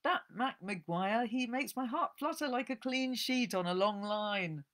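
A woman's voice: on the high side, lively intonation, unhurried, fairly bright tone, pitched above the performer's own voice. A woman putting on a giddy, bawdy old mountain woman. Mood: swooning, bawdy.

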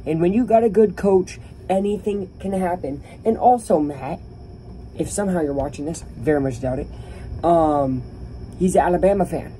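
Animated young man ranting about sports. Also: high voice, moderate pace, a little hiss or hum. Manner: animated, opinionated, talks to viewers. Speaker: YouTuber. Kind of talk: casual sports rant to camera.

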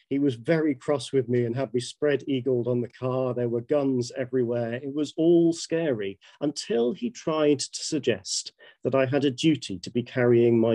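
Warm-voiced British bishop in his fifties. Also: medium pitch, no echo. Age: 50s. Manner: measured, reflective, anecdotal. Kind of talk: prepared webinar talk.

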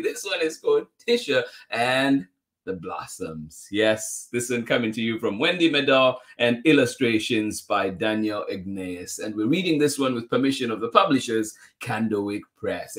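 A man reading a children's picture book aloud, chuckling often and adding exclamations between pages. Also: mid-range voice. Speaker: children's story reader.

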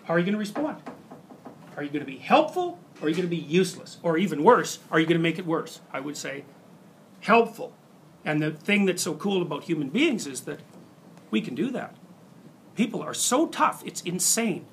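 A man's voice: fairly high pitch, very animated, brisk, fairly bright tone, a little hiss or hum. A middle-aged man giving a university lecture, talking conversationally and acting out examples with quoted inner voices. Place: lecture hall.

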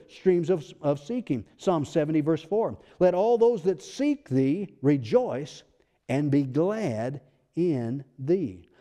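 A man's voice: on the high side, dark tone. A male pastor delivering a sermon, building emphasis with rhetorical questions and quoted scripture. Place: church sanctuary. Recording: long church-hall reverb.

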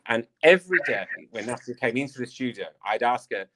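A man's voice: mid-range voice, lively intonation, a little fast, few pauses, bright, forceful tone. A man from England, a dance teacher and coach, chatting casually as an interview guest, rambling with lots of "I mean".

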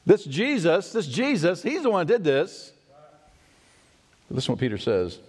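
A man preaching a sermon as pastor, conversational and animated, asking the congregation rhetorical questions. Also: sits high, normal speed, husky. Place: church sanctuary. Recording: long hall reverb.

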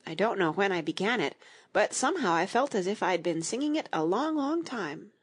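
A woman's voice: medium pitch, big pitch swings, a little fast, breathy edge. A woman voicing Alice, a polite, earnest young girl in a storybook reading. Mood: wondering.

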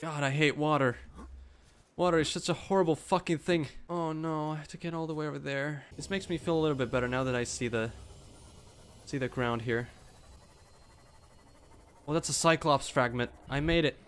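A streamer reacting live to a game, swearing constantly, whose voice jumps to squeaky highs when startled. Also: steady tone, moderate pace, long pauses, slight background noise.

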